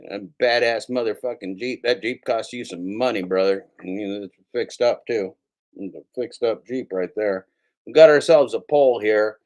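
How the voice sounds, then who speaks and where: A man hosting a livestream, talking in a drawling, sarcastic way with lots of pauses and fillers. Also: fairly low pitch, a little mellow. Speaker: livestream host. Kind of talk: casual livestream chat.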